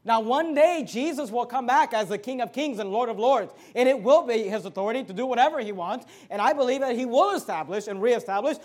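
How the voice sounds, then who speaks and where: A male preacher with an unusually high voice delivers a fervent sermon. He reads scripture aloud, then drops low and quiet before rising again to loud, emphatic points. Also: brisk, few pauses.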